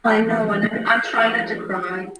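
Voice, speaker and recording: A middle-aged woman hosting a livestream, giving a halting, earnest case commentary. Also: fairly high pitch, steady tone, background noise. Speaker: livestream host. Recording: roomy echo.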